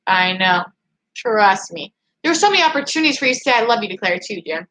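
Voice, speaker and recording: A young woman hosting a casual livestream, chatting in an excited, emphatic way as she reads viewer comments. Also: mid-range voice, fast talker, low-quality recording. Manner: excited, emphatic, gushing fan talk. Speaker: livestream host.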